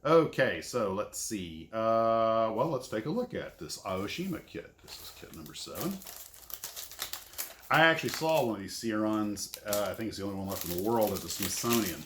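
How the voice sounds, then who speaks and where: A man reviews scale model kits, unboxing them with casual commentary that is rambling and self-deprecating. His voice is on the low side with a fairly bright tone, lively intonation, and a moderate pace, recorded in an echoey room with faint noise.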